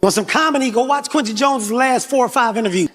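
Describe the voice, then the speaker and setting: A man doing stand-up comedy on stage, telling a story with loud, animated delivery and frequent shouting. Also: very high voice, quick pace. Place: comedy stage before a live audience.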